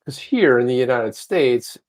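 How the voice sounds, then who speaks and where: A man's voice: medium pitch, expressive, measured pace. Joking male co-host reading news. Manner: jokey, talks over his partner, reads stories aloud. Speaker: co-host of a crypto news show. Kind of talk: casual banter and reading news aloud.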